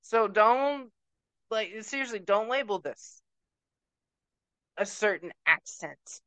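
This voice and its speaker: A woman's voice: medium pitch, animated, takes it slowly, pushed and bright, dry recording, poor audio. A woman from Puerto Rico ranting emphatically to camera as a vlogger, dropping Spanish words into her talk. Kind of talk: emotional rant to camera.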